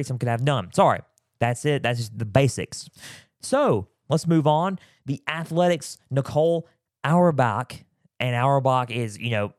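A man talks college football in a loose, rambling way, circling back and filling gaps with "you know". His voice sits at an ordinary pitch and sounds close and dry, with a throat that keeps catching. He sometimes turns away from the mic. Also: dry recording. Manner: rambling, repeats himself with many fillers. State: clearing a scratchy throat. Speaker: podcast host. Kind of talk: casual sports talk. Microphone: close mic, sometimes turning away.

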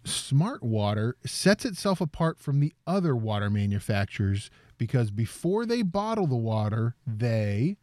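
A man hosting a trivia game, reading out questions and answer choices slowly and deliberately. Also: medium pitch, big pitch swings, a little mellow, no room sound, studio quality. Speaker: quiz host.

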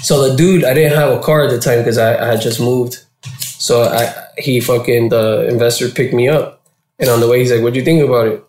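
A man from Florida, a guest in an interview, telling his story casually with heavy slang and swearing, and getting animated when he quotes people. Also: medium pitch, moderate pace, slight background noise. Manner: profane and slangy, animated when quoting others. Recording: roomy echo.

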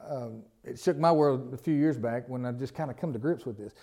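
A man's voice: medium pitch, brisk, warm tone. A man with a Southern US accent preaching a sermon as pastor, in a folksy, conversational way with repeated phrases and asides.

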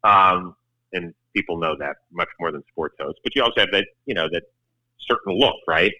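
A man's voice: low voice, moderate pace, bright, forceful tone, no echo, lo-fi sound. A man hosting a sports show, telling wry, self-deprecating stories in a casual chat on a close studio mic. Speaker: sports TV host.

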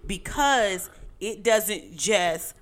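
Speaking extremely slowly, this middle-aged woman has a mid-range voice with lively intonation. She's a co-host on a married couple's podcast, bantering in a playful, teasing manner.

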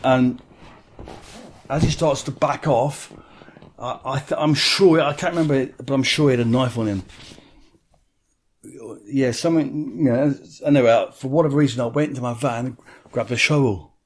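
A man's voice: medium pitch, normal speed, long pauses. A man telling a vivid personal story in an interview, blunt and swearing freely.

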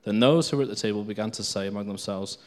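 A man with a fairly low voice gives an informal Bible teaching. He reads passages of scripture aloud and comments on them in between, unscripted and loose, with fillers and restarts. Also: quick pace, darkish tone.

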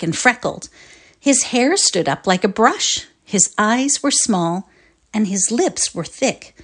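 A woman narrates a classic short story for a readers' theatre performance. Her pitch sits mid-range but moves in wide, lively swings as she shapes each sentence. The telling is expressive and unhurried.

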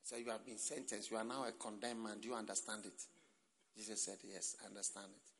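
A man preaching a sermon and reading scripture. He swings between quiet reading and loud, dramatic exclamations. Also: fairly low pitch, little pitch movement, fast, vocal fry. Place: large hall at a church camp. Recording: long hall reverb.

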